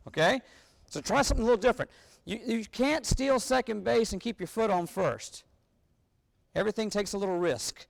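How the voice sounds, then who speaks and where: A man's voice: high voice, lively intonation, a little fast, gravelly. A man leading a wind band rehearsal, energetically coaching the players and singing rhythms on syllables. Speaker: band clinician conducting a rehearsal. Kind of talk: rehearsal instruction. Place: large rehearsal hall with a band. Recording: long hall reverb.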